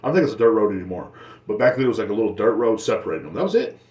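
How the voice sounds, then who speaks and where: A man's voice: on the low side, big pitch swings, racing, darkish tone, muffled recording. A young man hosting his own podcast, telling crude stories in a rambling way and laughing at his own jokes. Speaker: podcast host. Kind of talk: rambling solo podcast storytelling.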